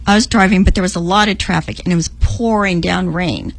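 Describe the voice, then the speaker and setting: A middle-aged woman recounts a vivid dream with emotion, acting out her own lines in a raised, higher voice. Her delivery is animated and fairly quick, with vocal fry. The recording is rough, with no room sound, and the talk is emotional storytelling.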